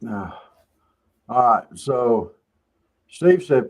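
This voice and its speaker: A man's voice: on the low side, very animated, normal speed, darkish tone. A man hosting a morning show, chatting casually in a teasing way and laughing often. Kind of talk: casual joking chat.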